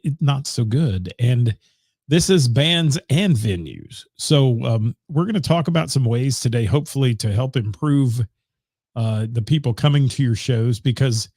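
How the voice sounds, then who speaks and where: Gravelly-voiced man hosting a casual show. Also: medium pitch, a little mellow, no echo, studio quality. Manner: rambling, filler-heavy, chatting with commenters. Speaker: radio show host. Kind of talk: casual live-stream chat. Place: home studio.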